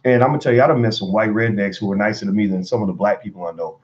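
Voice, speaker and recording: A man voicing a folksy, slow-talking Southern country man with a country drawl. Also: lowish voice, a little mellow, dull audio, natural voice. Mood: emphatic.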